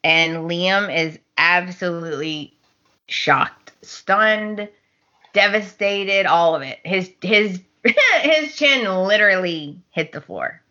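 A woman's voice: fairly low pitch, lively intonation, slow, pushed and bright, highs cut off. A woman co-hosting a podcast, recapping a soap opera in casual chat, acting out the characters' lines and laughing often. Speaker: podcast co-host.

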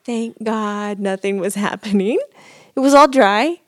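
A woman's voice: medium pitch, a little slow. A woman co-hosting a podcast, telling a story in casual chat and often breaking into laughter. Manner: giggly storytelling, bursts of laughter. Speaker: podcast co-host.

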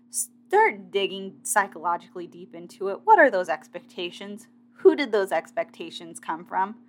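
A woman's voice: medium pitch, bright, forceful tone. A woman in a casual motivational monologue, talking directly and chattily to her listeners as a fitness competitor sharing advice.

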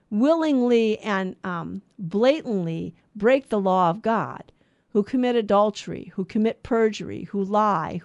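A woman's voice: on the high side, no echo, clean studio sound. Earnest woman teaching on Christian radio. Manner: earnest, lists virtues and sins in steady cadence. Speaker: radio Bible show co-host.

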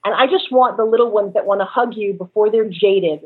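A woman guest in an interview, talking in an effusive, animated and emotional way. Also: medium pitch, fairly quick, slightly rough, narrow, tinny audio.

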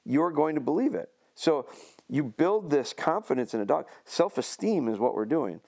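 A man's voice: fairly high pitch, sing-song, normal speed, darkish tone. A man casually explaining dog training on a podcast, leaning on homespun analogies and restarting his sentences often.

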